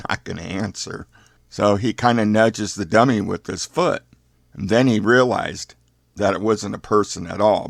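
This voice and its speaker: An older man telling a youth story in a folksy, unhurried fireside manner. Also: deep voice, gravelly, no room sound, studio quality.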